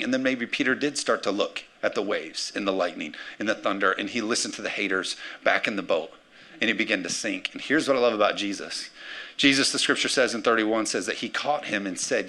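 A man preaching a sermon as pastor, energetic, calling for amens and acting out the words of scripture figures. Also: lowish voice, quick pace. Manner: energetic, calls for amens, acts out quotes.

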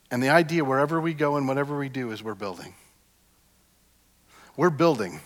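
A man preaching a sermon as a pastor, emphatic, with repeated refrains that swing from hushed to loud. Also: mid-range voice, normal speed, pauses often. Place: church sanctuary. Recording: long hall reverb.

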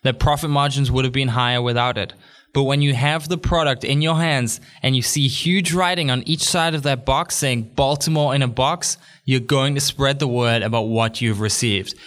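A man's voice: medium pitch, moderate pace, a bit bright. Upbeat chatty male podcast host. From England. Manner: upbeat, chatty, jokey asides. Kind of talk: solo podcast monologue.

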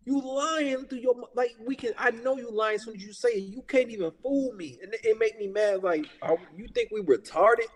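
A man's voice: very high-pitched, a little fast, few pauses, in a large hall. A man in his thirties ranting in casual talk, heated and profane, repeating his points with emphasis. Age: 30s. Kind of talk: casual political rant.

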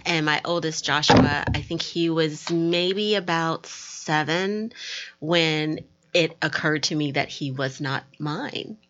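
A woman co-hosting a faith-based podcast, a mother of two, speaking in a thoughtful, measured way. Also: sits low, a bit bright, a little hiss or hum. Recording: dull lo-fi podcast recording.

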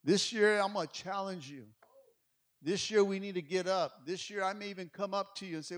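Passionate high-voiced male preacher. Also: a little fast. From Mexico. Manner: passionate, storytelling, repeats words when excited. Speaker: pastor. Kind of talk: sermon.

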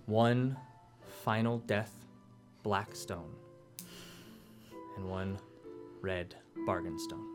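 A man narrating as game master of a tabletop game, explaining rules in a measured, step-by-step way. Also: fairly low pitch.

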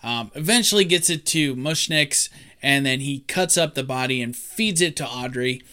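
A man's voice: medium pitch, normal speed, clean tone. A man, co-hosting a casual podcast chat and recapping a film with jokes and acted-out quotes. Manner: joking, animated storyteller who acts out quotes. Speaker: podcast co-host.

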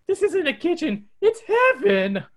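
A podcast reader voicing a jittery, hungry cartoon slacker in a raised, excited cartoon voice. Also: very high voice, a little slow, pitched above the performer's own voice, exaggerated voice.

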